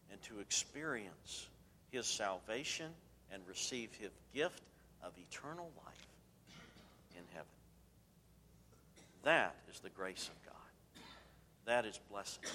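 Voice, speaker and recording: Man preaching, bright forceful tone, emphatic, loud then hushed, long church reverb. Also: on the low side, slight background noise. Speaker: pastor. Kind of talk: sermon.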